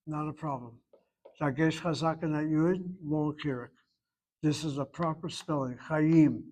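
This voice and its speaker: A man's voice: a little high, a little slow, darkish tone. A man teaching a Hebrew class, emphatic and repetitive, correcting students and thinking aloud over spelling.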